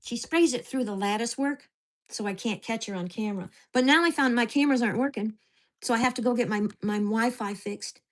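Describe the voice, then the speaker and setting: In an angry venting vlog recorded at home, a woman rails against her neighbors, cursing and indignant. She talks briskly in a slightly high voice.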